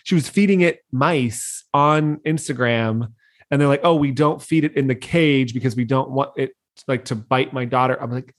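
A woman's voice: rumbling low, moderate pace. A woman co-hosting a podcast, recapping a reality show in a dry, dismissive, casual way with frequent laughs. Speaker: podcast co-host.

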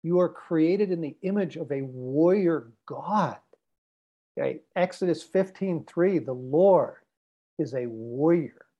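A man's voice: a little high, animated, takes it slowly, dark tone, lo-fi sound. Guest speaker, male, preacher-like cadence, hammers points through repetition. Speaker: guest speaker on men's development. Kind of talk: podcast conversation.

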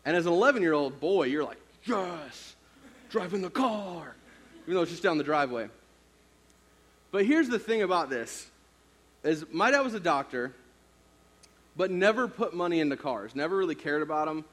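A man's voice: fairly high pitch, lively intonation, brisk, pauses often. Casual man telling a sermon story. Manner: casual storytelling, many fillers. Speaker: youth pastor.

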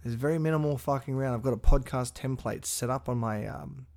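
A man's voice: mid-range voice, a little fast, a little mellow. A sick man, hosting a blunt, sweary motivational podcast solo. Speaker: podcast host.

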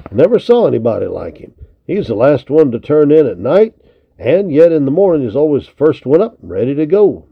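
A man reading the part of an old trapper talking at a campfire in a storybook, admiring and hushed. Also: fairly high pitch, big pitch swings, fairly quick, gravelly, husky, dry recording, highs cut off, pitched above the performer's own voice, exaggerated voice. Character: old male trapper telling tales at a campfire.

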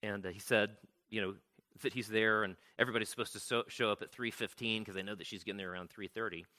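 A man's voice: fairly low pitch, steady tone, fast, bright, forceful tone. A man retelling a story to an audience in a loose, chatty way, full of fillers and restarts. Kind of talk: conversational storytelling talk.

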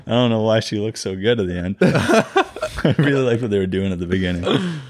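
A man's voice: lowish voice, big pitch swings, a little fast, darkish tone, no echo, studio quality. A man hosting a casual podcast chat with friends, joking, laughing often and trailing off mid-sentence. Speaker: podcast host.

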